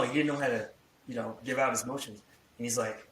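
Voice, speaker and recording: A man's voice: medium pitch, fairly even intonation, fast talker, fairly bright tone, slight background noise. A man co-hosting a podcast, chatting casually in a rambling way, full of "like" and swearing. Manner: rambling, heavy use of "like", profane. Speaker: podcast co-host. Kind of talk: casual chat. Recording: echoey room, distant from mic.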